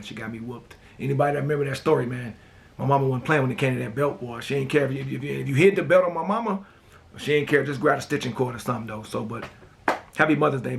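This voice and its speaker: A man hosting a casual talk show, telling personal stories in a relaxed way and often repeating "man" and "you know.". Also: mid-range voice, rapid-fire, vocal fry, slight background noise. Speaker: host.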